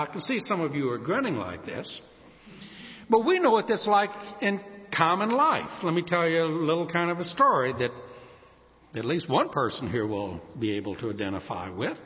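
A male pastor from New Orleans preaching a sermon, his voice high and lively as he tells stories and mimics sing-song calls. The recording sounds dull and carries a long hall echo.

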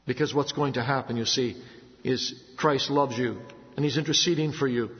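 A man preaching a sermon earnestly, dropping low and slow for stories and rising for emphasis. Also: fairly even intonation, soft background music. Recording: dull sound with long hall reverb.

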